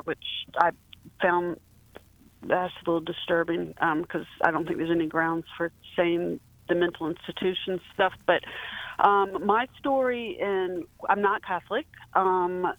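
Halting woman caller on a tinny phone line. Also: fairly low pitch, dry recording. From South Carolina. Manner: halting, many fillers and restarts. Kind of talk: phone-in call, telling a personal story.

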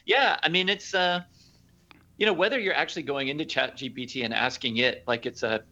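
A man appearing as a podcast guest, talking in a measured, thoughtful and hedging way in casual chat. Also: medium pitch, pushed and bright. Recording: dull lo-fi audio.

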